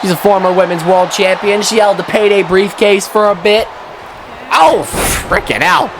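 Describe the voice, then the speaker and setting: A young man giving excitable play-by-play commentary on a wrestling match, with mild swearing and quick self-corrections. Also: high voice, slight background noise. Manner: excitable, swears mildly, laughs at own slips. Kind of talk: solo play-by-play commentary of a video game match.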